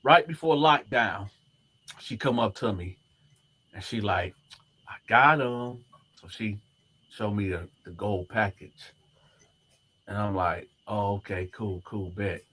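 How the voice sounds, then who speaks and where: A former prisoner tells a story to the camera in a fairly low, slightly rough voice, speaking a bit slowly with frequent pauses. He's animated and performs the other people's lines as he quotes them.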